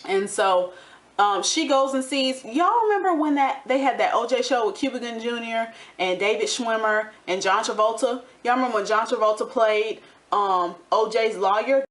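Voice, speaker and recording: A woman's voice: a little high, normal speed. A young woman giving a sassy, gossipy recap of a reality show, with playful quoted asides. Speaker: recap vlogger. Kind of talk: casual TV recap commentary.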